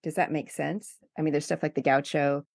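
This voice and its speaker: A woman's voice: low-pitched, fairly even intonation, fairly quick, creaky, darkish tone, no echo, clean studio sound. A woman hosting an interview, conversational and eager, often thinking aloud. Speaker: podcast host. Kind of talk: podcast interview.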